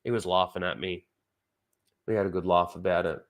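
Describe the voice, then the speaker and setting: A man's voice: low voice, steady tone, brisk. A young Australian man, the show's host, telling a rambling, profane story in casual chat, full of fillers.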